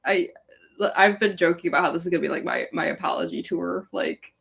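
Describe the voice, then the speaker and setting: Fairly quick and gravelly, her lowish voice still carries a fairly bright tone. She is a young Chicago-born fanfic author who sounds Californian, and she hosts a live Q&A as a casual livestream chat, rambling and giggly in a valley-girl way, full of likes and ums.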